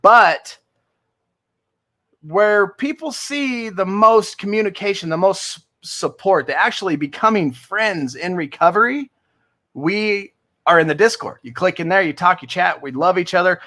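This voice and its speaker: Bright, earnest man hosting a recovery livestream. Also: high voice, animated, measured pace. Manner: enthusiastic, earnest, jokey. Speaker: livestream host of a recovery community. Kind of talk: casual livestream chat.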